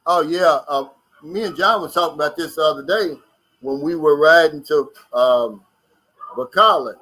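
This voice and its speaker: Bright, chatty American man live-streaming. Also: on the high side, moderate pace, rough recording. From United States. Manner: chatty, reads out comments and riffs on them. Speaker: livestream host reading viewer comments. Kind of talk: casual live-stream chat.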